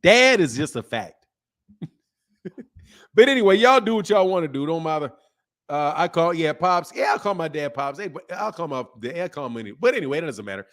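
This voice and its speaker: Man, stream host, casual chat, animated, slangy, laughs often, a bit higher voice. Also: a little fast. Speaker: boxing channel host. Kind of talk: casual live-stream chat reading viewer comments.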